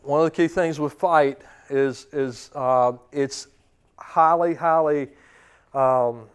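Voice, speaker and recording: A man's voice: on the high side, takes it slowly, clean tone. A man in his thirties, a dog trainer giving a seminar to clients, talking casually with lots of fillers and questions to the audience. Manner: casual, quizzes the audience, many fillers and restarts.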